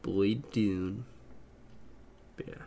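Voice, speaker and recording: A man's voice: lowish voice, steady tone, extremely slow, vocal fry, mellow, a little hiss or hum. A man co-hosting a podcast in casual chat, rambling with many fillers and swears. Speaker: podcast co-host.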